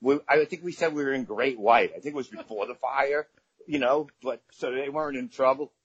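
His mid-range voice is a little fast and breathy-edged, with no echo and a dull lo-fi quality. The speaker is a middle-aged Staten Island, New York comedian appearing as a podcast guest, chatting casually through rambling, profane anecdotes.

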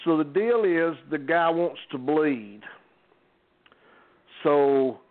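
A man's voice: a little high, slow. An older man, a former wrestling referee telling folksy anecdotes with many restarts. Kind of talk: casual storytelling on a podcast. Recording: phone-like narrow sound.

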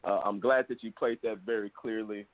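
Low-voiced blunt man on a phone-like line. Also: steady tone, brisk, dry recording. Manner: blunt, opinionated, joking. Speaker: podcast panelist. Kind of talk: casual sports chat. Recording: tinny phone-like sound.

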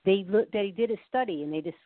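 A woman's voice: medium pitch, fast, no room sound. Woman guest expert, chatty explainer, dry and phone-thin audio. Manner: chatty, laughs often, tells anecdotes with quoted voices. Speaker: guest expert on the science of love. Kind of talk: casual explanatory interview talk. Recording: phone-like narrow sound.

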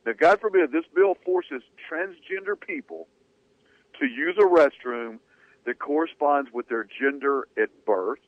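A man's voice: a little high, a little slow, no echo. A man co-hosting sports talk radio, telling a story in a loose conversational way. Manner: conversational, hedging with fillers. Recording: dry tinny phone-like radio audio.

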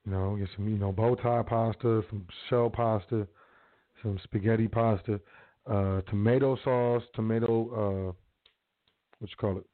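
A man's voice: lowish voice, steady tone, measured pace. A man hosting a show, talking in a rambling, slangy, casual advice monologue. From South Side of Chicago. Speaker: host. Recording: phone-like narrow sound.

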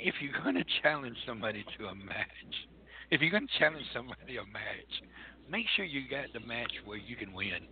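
A man's voice: mid-range voice, slight background noise. A man co-hosting a comedy radio show, stammering and exasperated as he mock-interviews a guest. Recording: tinny phone-like lo-fi recording.

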